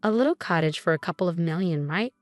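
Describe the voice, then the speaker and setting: A woman voicing an exasperated young husband who talks in a sharp, incredulous way. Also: on the low side, lively intonation, fast talker, soft background music, natural voice.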